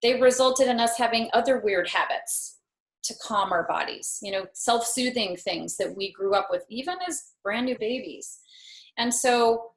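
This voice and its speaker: A woman's voice: a little high, moderate pace. A woman in her fifties, a yoga teacher and guest, telling a personal story in an earnest, reflective way with light self-mockery. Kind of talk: personal storytelling in a talk show. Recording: roomy echo.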